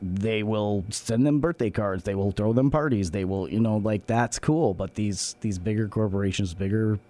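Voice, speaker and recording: A man's voice: lowish voice, normal speed, mellow. Earnest male radio co-host. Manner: earnest, repeats himself for emphasis, stumbles on words. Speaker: co-host of a community radio talk show. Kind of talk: casual radio chat.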